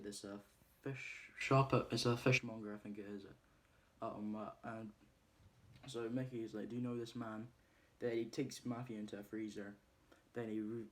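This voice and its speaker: Man, lowish voice, loose rambling plot recap full of fillers. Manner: rambling, many ums and uhs, laughs while retelling scenes. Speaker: movie reviewer.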